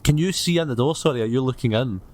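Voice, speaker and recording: A man narrating as game master of a tabletop game in a relaxed, hesitant way, with frequent ums. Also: mid-range voice, fast, a little hiss or hum.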